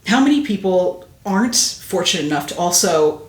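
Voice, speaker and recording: A woman guest on a podcast, chatting in an animated way and laughing often. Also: lowish voice, normal speed. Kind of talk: casual interview chat. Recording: roomy echo.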